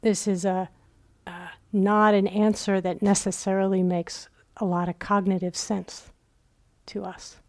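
A woman's voice: mid-range voice, level tone, unhurried, darkish tone. A woman meditation teacher giving a dharma talk at a retreat center, telling stories reflectively and acting out quoted inner voices.

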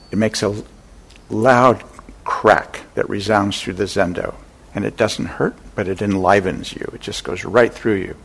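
An older man giving a dharma talk as a meditation teacher, an unhurried storyteller who pauses often. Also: lowish voice, vocal fry, a bit bright, slightly rough. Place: meditation center hall.

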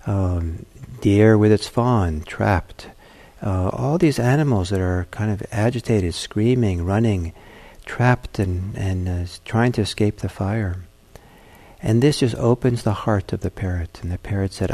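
A man, a meditation teacher, giving a dharma talk and telling a fable in a gentle, halting way. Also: on the low side.

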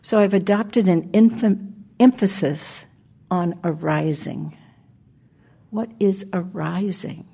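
An older woman giving a gentle, reflective dharma talk as a meditation teacher, pausing often and laughing softly. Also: lowish voice, vocal fry, slightly rough. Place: meditation hall.

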